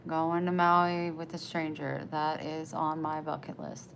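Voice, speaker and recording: Woman livestreamer, American country twang, low gravelly voice, breathy and soft-spoken. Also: level tone, unhurried, slight background noise. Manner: soft-spoken, drifting into near-whispers. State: short of breath. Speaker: livestreamer reading chat. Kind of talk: casual live-stream chat.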